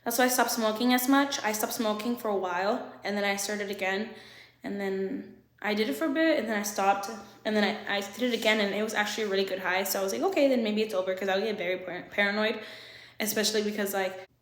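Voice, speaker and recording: Animated young woman telling a story. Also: medium pitch, fast talker. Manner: animated, swearing, laughing asides. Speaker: vlogger. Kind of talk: casual storytime. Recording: echoey room.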